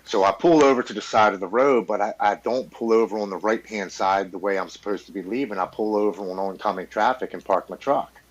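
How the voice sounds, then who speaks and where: Man in his forties, earnest and low-voiced. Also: brisk, hardly any pauses, highs cut off. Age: 40s. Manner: earnest, stammering repeats while recounting; blunt, with casual swearing. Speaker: podcast guest. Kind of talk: personal recovery story.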